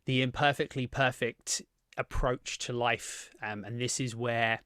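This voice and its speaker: English guy hosting a podcast, bright voice, lots of ums, dry sound. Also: medium pitch, fairly even intonation, a little slow, smooth, no echo. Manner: friendly, chatty, filler-heavy. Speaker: podcast host. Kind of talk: casual interview chat.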